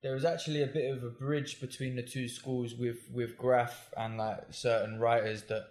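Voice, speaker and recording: A man's voice: mid-range voice, level tone, normal speed, a little mellow. A man from north London, a podcast guest, telling stories in a rambling, hesitant way with many fillers. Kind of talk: casual interview chat. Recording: roomy echo.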